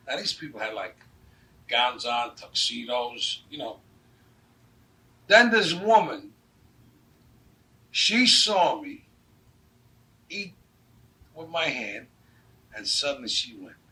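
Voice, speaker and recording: A man's voice: mid-range voice, very animated, slow pace, long pauses, pushed and bright. An older man with a New York accent telling blunt, streetwise stories in an interview, acting out the dialogue. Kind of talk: anecdotal storytelling. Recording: distant mic with faint background noise.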